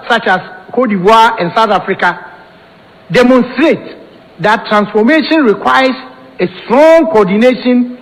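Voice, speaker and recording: A man delivering a formal prepared conference speech in a measured, rhetorical manner. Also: sits high, a bit bright. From Ghana. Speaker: conference speaker. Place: conference hall. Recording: long hall reverb.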